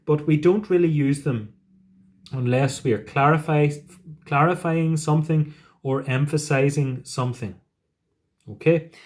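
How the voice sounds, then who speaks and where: A man teaching a Spanish lesson, explaining patiently step by step with gentle asides. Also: mid-range voice. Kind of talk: recorded classroom lesson.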